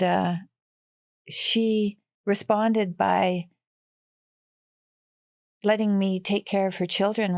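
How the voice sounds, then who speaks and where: A woman in her sixties from western Canada, a podcast guest telling family stories in a lively, animated way. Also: lowish voice, dry recording. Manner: animated, lively storyteller who laughs often. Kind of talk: casual storytelling.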